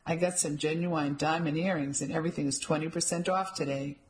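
A woman's voice: low-pitched, fairly even intonation, fairly quick, natural voice. Woman reading as a chummy pawn shop salesman. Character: brash tattooed male pawn shop salesman.

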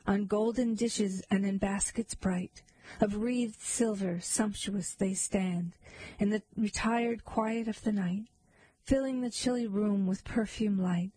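A woman reading a long narrative poem aloud in a slow, measured recitation. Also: mid-range voice, fairly even intonation, husky, no room sound, low-quality recording. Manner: slow, measured recitation, soft whispers at times. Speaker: poetry reader.

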